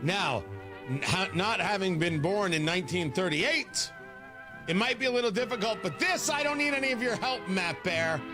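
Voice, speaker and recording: Goofy morning radio guy, high voice that swings all over, music playing behind. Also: moderate pace. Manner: joking, rambling, animated. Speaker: radio host. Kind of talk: casual morning radio talk.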